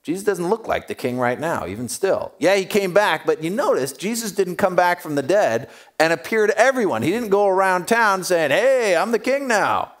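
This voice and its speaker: A man's voice: high voice, lively intonation, moderate pace, few pauses. A man preaching a sermon, telling stories with humor and acting out the voices of the people in them. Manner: humorous and self-deprecating. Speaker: pastor.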